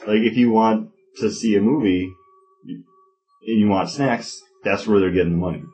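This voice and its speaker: Lower-voiced joking man co-host. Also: moderate pace, warm tone, poor audio. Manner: joking, crude teasing banter. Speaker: podcast co-host. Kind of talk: casual chat.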